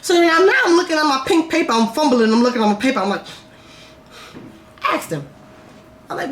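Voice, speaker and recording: A young woman vlogger telling a casual storytime, animated and swearing as she acts out her own reactions. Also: high-pitched, brisk, long pauses. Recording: echoey room, faint noise.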